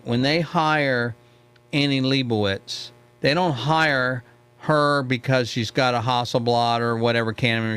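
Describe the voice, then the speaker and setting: A man's voice: mid-range voice, fairly bright tone, clear, resonant tone. A middle-aged man hosting a live mentoring talk, chatty and storytelling, who often checks in with "okay?". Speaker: host.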